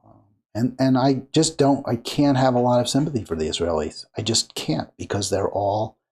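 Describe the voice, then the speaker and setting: A man's voice: mid-range voice, normal speed, darkish tone, breathy edge. A man from Maryland hosting a political commentary show, talking casually and rambling with many fillers and restarts. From Maryland, USA.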